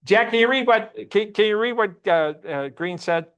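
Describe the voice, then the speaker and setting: A man's voice: sits high, moderate pace, fairly bright tone, clear, resonant tone, lo-fi sound. A man teaching a church Sunday class, often asking the class questions and repeating himself.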